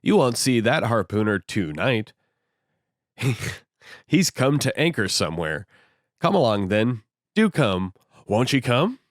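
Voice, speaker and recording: A man's voice: medium pitch, very animated, slow pace, pauses often, no echo, clean studio sound. A man voicing a laid-back male innkeeper who drawls in a quirky, old-fashioned way.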